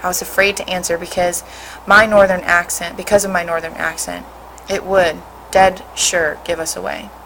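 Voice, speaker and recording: A woman, a teacher, reading a storybook aloud in a steady, expressive way. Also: lowish voice, moderate pace, a little hiss or hum, rough recording.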